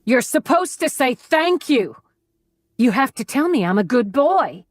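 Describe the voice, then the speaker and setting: A woman's voice: high-pitched, sing-song, measured pace, no room sound, studio quality, pitched above the performer's own voice, heavily acted. Woman voicing a creepy man with a childlike southern twang. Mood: menacing. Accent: American Southern. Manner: childish, wheedling, turning menacing. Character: white-haired male kidnapper with childlike southern twang.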